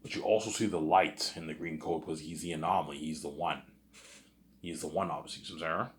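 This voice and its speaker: A man's voice: a bass voice, fairly quick, a little hiss or hum. A man talking alone in a rambling, boastful monologue, repeating himself and restarting sentences as he goes. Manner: repetitive, restarts, keeps saying "obviously" and "you know what I'm saying". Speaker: vlogger.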